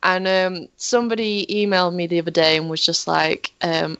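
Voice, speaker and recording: A woman's voice: medium pitch, expressive, normal speed, fairly bright tone, no room sound. A woman chatting casually on a podcast, blunt, swearing freely and saying "like" a lot. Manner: blunt, swears, many "like" fillers. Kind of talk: casual chat. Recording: slightly dull lo-fi sound.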